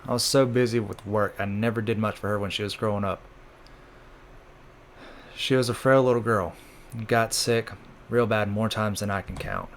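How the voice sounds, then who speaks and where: A man reading the lines of a gruff older male chef in a casual manga recap. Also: lowish voice, fairly even intonation, normal speed, pauses often, a little hiss or hum, natural voice.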